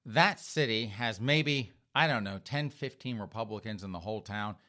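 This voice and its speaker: A man's voice: lowish voice, moderate pace, bright, forceful tone. A man hosting an opinion commentary monologue, mocking and sarcastic, repeatedly addressing his listeners directly. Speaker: commentary host.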